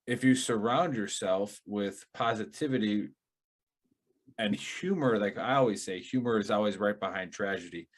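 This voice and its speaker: A man with a Wisconsin accent hosting a casual chat show, rambling and animated with lots of fillers. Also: on the low side, moderate pace. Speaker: podcast host.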